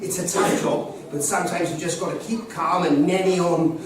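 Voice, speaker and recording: A man's voice: high voice, steady tone, moderate pace, natural voice. A man playing a brash pantomime dame nanny. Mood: cheeky. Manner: bawdy joking audience address. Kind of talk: pantomime stage acting. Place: large theatre stage. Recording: echoey theatre from far off, audience noise.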